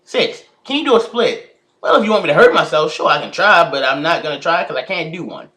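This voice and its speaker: A teenage guy with a fairly high voice that rises and falls a lot as he talks. He reads each question aloud, then answers with plenty of hesitant pauses, chatting casually straight to his viewers in a vlog. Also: animated, sharp tone. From United States. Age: teens. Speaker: YouTuber.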